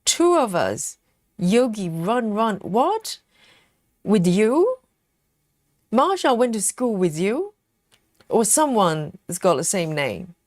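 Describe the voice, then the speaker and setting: A woman's voice: mid-range voice, sing-song, slow pace, pauses often, darkish tone, no room sound, studio quality. A woman hosting a live stream, chatting casually and reading viewer comments aloud, teasing them playfully and laughing often.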